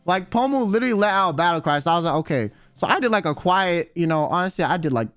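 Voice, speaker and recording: A man telling an animated, slang-filled story in casual chat, swearing freely and acting out what people said. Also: high voice, quick pace, smooth, no room sound, soft background music. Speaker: streamer guest telling a story.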